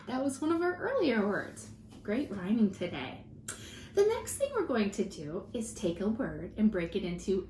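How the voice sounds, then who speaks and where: A woman teaching a children's phonics lesson, slowly and encouragingly drawing out each word for her students to repeat. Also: a little high, darkish tone. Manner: slow, encouraging, drawn-out word modeling. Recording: echoey room with faint hiss.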